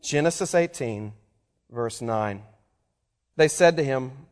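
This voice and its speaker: A pastor with an expressive, mid-range voice preaches slowly in a conversational way, explaining scripture and turning to the congregation with questions. The recording carries long hall reverb.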